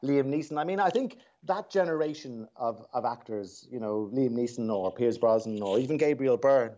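A man's voice: mid-range voice, normal speed, mellow, highs cut off. An Irish man, a dialect coach, telling anecdotes as a radio guest in a reflective way with frequent restarts.

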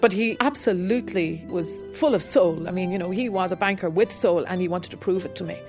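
A woman's voice: fairly low pitch, fairly quick, faint music behind. Reflective woman harp teacher. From Ireland. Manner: candid, reflective, with soft laughs. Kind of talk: radio interview.

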